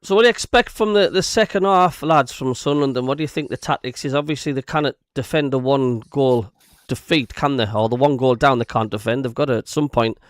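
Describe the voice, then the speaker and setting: A man's voice: medium pitch, fairly quick, few pauses, dry recording, studio quality. A man hosting a casual football watchalong, putting questions to the panel.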